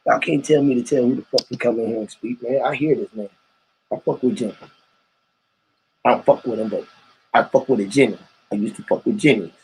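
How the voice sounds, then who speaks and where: Husky, animated man riffing profanely. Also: mid-range voice, brisk, low-quality recording. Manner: animated, profane street slang, rhetorical questions. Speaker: live stream host. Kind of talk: rambling live stream talk.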